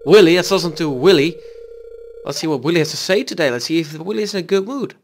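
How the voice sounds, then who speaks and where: A man's voice: on the high side, animated, fast, a little hiss or hum. A man giving casual gameplay commentary as a let's play host, reading in-game dialogue aloud and chatting back to it.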